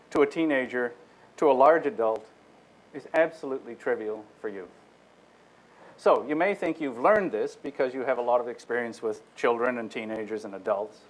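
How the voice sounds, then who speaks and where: In this low-quality clip, a medium-pitched man lectures as a guest on a technical subject. Talking directly to the audience, he breaks the material into steps and often begins phrases again.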